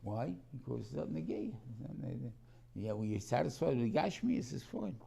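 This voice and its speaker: A man's voice: medium pitch, sing-song, moderate pace, gravelly, mellow, breathy edge. A man teaching a Torah class in a rambling, conversational way, often restarting his sentences and mixing in Hebrew terms.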